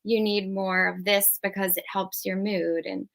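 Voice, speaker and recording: A woman's voice: mid-range voice, flat delivery, measured pace, vocal fry, a bit bright. A woman speaking as a guest in a casual podcast-style interview, earnest and thoughtful.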